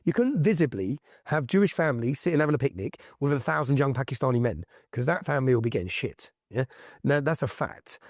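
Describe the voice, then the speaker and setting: A man being interviewed, telling an animated story and acting out what other people said, with frequent repeats and restarts. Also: mid-range voice, fast, no room sound, studio quality. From England. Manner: lively, repeats himself, quotes people in his stories. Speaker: interview guest.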